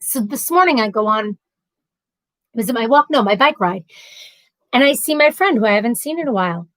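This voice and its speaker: A woman's voice: fairly high pitch, a little fast, no echo, low-quality recording. Chatty woman hosting a live stream. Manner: chatty, rambling, reads comments aloud and answers them; animated storytelling with laughter. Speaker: livestream host reading viewer comments. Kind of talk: casual live chat.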